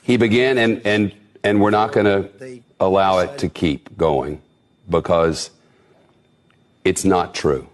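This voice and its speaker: A man anchoring live news, speaking firmly and in measured phrases. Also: sits low, steady tone. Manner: firm, measured interruptions.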